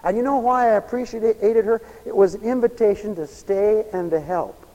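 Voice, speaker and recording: A man preaching a sermon, telling stories and acting out the lines of the people in them, dropping to a hush and then building to fervent cries. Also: sits high, normal speed, muffled recording. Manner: storytelling with acted-out quoted dialogue, swinging from hushed to fervent cries. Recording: long echoey hall reverb.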